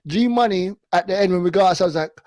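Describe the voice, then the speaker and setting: High-voiced podcast guy, dry close sound, laughy banter, acts out what he said. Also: fast, a little mellow, no echo. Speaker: podcast co-host. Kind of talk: casual podcast chat.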